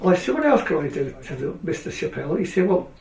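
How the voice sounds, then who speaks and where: A man's voice: a little high, fast, gravelly. An older man, a retired speedway rider from England, telling a long anecdote and acting out the other people's lines. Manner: animated storyteller, acts out other people's lines. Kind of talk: anecdotal storytelling. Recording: echoey room, from a distance.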